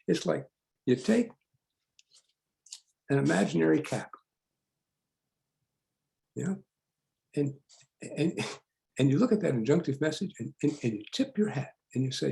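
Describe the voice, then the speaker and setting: A man's voice: fairly high pitch, animated, moderate pace, gravelly, pauses often, a little mellow. An older male psychologist leading a workshop, telling stories in a chatty lecture and often repeating words as he restarts. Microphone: online workshop recording.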